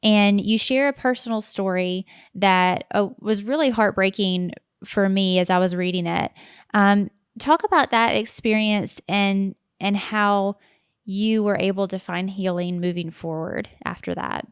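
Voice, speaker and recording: Crisp-voiced woman host asking questions. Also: mid-range voice, measured pace, no room sound, studio quality. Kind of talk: interview question.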